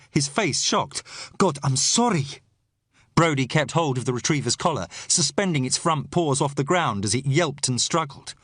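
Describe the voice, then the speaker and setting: A man narrating a mystery novel in the first person, measured and expressive. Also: mid-range voice, no echo, studio quality. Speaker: audiobook narrator.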